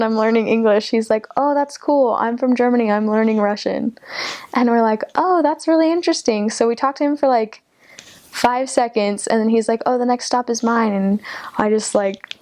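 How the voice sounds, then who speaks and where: A woman's voice: medium pitch, gravelly, a little mellow. A young woman, a returned missionary, casually telling a personal story in an interview, chatty, with frequent fillers and little laughs. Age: young adult.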